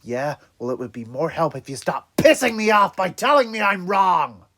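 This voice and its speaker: A man's voice: high voice, lively intonation, normal speed, a bit bright, voice pushed up, heavily acted. A man doing a snappish sarcastic teen turtle. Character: sarcastic hot-headed teen male mutant turtle.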